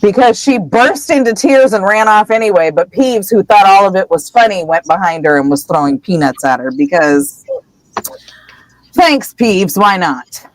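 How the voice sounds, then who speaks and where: A woman of middle pitch retells a chapter on a casual book podcast. She tells it with lively, swinging intonation and high quoted voices for the characters. Her voice sounds dry and close, with no room around it. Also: normal speed, dry recording, low-quality recording. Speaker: podcast co-host.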